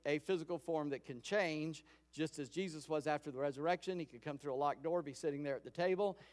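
A pastor giving a sermon in a conversational storytelling way, acting out quoted lines. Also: male voice, on the high side, fast, a little mellow. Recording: long hall reverb.

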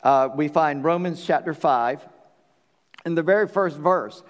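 A man preaching a sermon as pastor, earnest, swinging between loud emphasis and hushed passages. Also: fairly high pitch, a little slow. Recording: long reverb of a church hall.

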